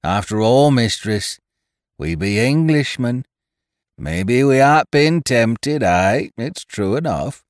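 A man's voice: deep voice, very animated, unhurried, dry recording, studio quality. A man voicing a pleading male pirate mutineer who talks in a rustic sailor's dialect.

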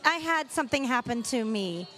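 A woman's voice: a little high, lively intonation, normal speed, a bit bright, faint music behind. A woman hosting a podcast, telling frank stories in casual chat and laughing often. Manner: candid storyteller, laughs often. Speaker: podcast host.

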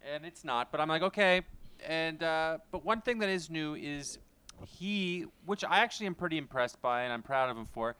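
Smooth-voiced man chatting on a podcast. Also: fairly high pitch, animated, moderate pace, pushed and bright. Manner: rambling storyteller, frequent fillers and self-corrections. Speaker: podcast co-host. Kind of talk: casual podcast chat.

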